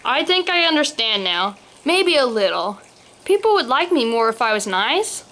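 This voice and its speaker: A woman's voice: on the high side, sing-song, normal speed, pushed and bright. A woman reading a storybook aloud and voicing a cranky middle-aged man who has been turned into a talking swan. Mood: grudging. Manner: cranky, complaining.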